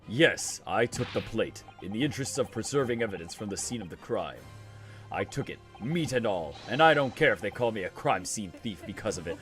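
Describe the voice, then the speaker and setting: A man's voice: fairly low pitch, animated, a little fast, a bit bright, faint music behind. A man voicing an eccentric male police inspector from a game, stammering and earnestly proud of hoarding evidence.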